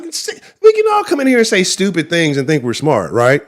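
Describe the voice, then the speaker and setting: A man's voice: on the high side, wildly swooping pitch, fast talker, hardly any pauses. A man with a Texan accent hosting a live sports talk stream, rambling and profane, laughing often and talking to the chat. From Texas. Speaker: sports show host.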